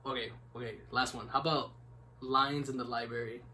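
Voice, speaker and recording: A man's voice: mid-range voice, fairly even intonation, fairly quick, bright, forceful tone, slight background noise. A young man hosting a casual podcast, rambling laid-back with lots of "like" and "man.". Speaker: podcast host. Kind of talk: casual chat.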